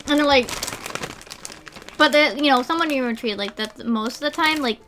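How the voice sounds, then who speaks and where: A woman's voice: high-pitched, normal speed, a bit bright, faint music behind. A woman streamer chatting casually and rambling with lots of fillers while snacking. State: eating while talking. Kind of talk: casual chat.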